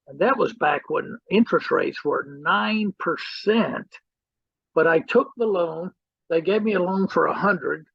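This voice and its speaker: A man's voice: on the high side, animated, unhurried, gravelly, husky, no echo, muffled recording. A man teaching real estate through a personal story, acting out the people he quotes. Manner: storyteller who acts out quoted people, repeating "he goes". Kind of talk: anecdotal teaching talk.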